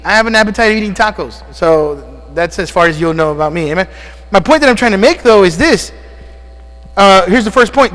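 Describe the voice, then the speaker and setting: Out of breath in a church sanctuary, a male pastor preaches with a high-pitched, slightly bright voice. His call-and-response sermon is full of questions to the congregation and frequent amens. The recording features a long church reverb along with mains hum.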